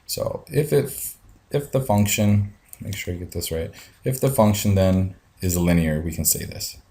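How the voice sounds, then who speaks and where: Male teacher, low and steady, walking students through math steps with plenty of ums. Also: unhurried. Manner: talks through each step aloud, frequent ums. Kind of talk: screencast lesson.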